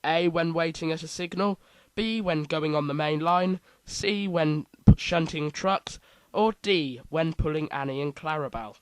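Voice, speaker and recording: A man's voice: a little high, a little slow, few pauses, clean tone, no room sound, rough recording. A man hosting a casual quiz, reading out multiple-choice options with playful asides. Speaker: quiz host.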